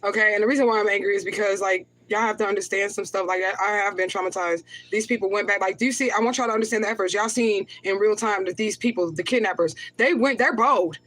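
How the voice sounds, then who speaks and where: A woman's voice: mid-range voice, fairly even intonation, fast talker, few pauses, a bit bright. A woman livestreaming to her viewers, rambling and profane, reading comments aloud and flaring into anger. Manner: repeats herself, flares up in anger. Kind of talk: emotional livestream talk to viewers.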